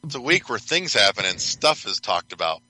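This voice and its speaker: A man's voice: on the low side, very animated, fairly quick, bright, forceful tone, no echo, rough recording. A man co-hosting a casual gaming podcast, throwing in wry wisecracks. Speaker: podcast co-host.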